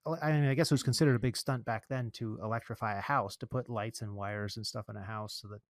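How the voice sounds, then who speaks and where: A man's voice: fairly low pitch, steady tone, fast talker, no room sound, clean studio sound. A man hosting a podcast in casual chat, joking with playful asides. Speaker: podcast host.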